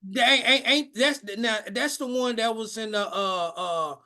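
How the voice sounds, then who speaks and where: A man co-hosting a podcast live stream, chatting casually in a halting way full of fillers. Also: high-pitched, sharp tone. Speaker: podcast co-host.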